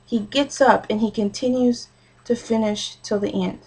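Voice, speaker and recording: A woman's voice: a little high, steady tone, moderate pace, a little mellow, husky, low-quality recording. A young adult woman giving a short sermon as a personal story, earnest and conversational, with frequent fillers.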